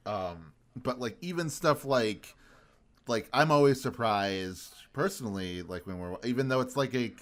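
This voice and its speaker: A man co-hosting a podcast in casual chat, talking haltingly with many restarts. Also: mid-range voice, animated. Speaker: podcast co-host.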